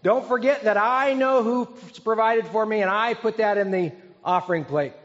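A man voicing a self-righteous man praying for show, his voice pushed up high and loud. He is boastful and preening, with every line made for others to hear. The recording is dull and carries a long hall echo. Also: moderate pace, close to an everyday voice. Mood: smug boasting.

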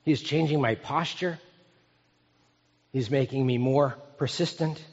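A man's voice: mid-range voice, measured pace. A man in his fifties, a pastor preaching an earnest, conversational sermon that often asks the congregation questions. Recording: echoey hall, dull sound.

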